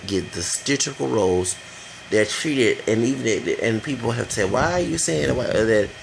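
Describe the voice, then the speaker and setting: Gravelly man ranting in a vlog. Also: medium pitch, a bit bright, a little hiss or hum, poor audio. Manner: rambling, blunt, swears freely. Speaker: vlogger. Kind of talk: casual opinion rant.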